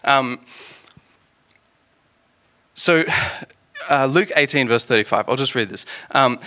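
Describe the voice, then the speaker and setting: A man delivers a casual sermon in a bright, forceful voice. He talks in a chatty, joking way, full of ums and restarts. His pitch sits in an ordinary middle range. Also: slow pace, pauses often. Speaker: preacher.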